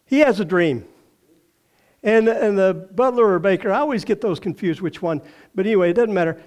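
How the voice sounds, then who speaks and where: With a high, slightly mellow voice, this older pastor from Texas preaches at a moderate pace, leaving long pauses. His folksy stories feature acted-out quoted voices and frequent laughter.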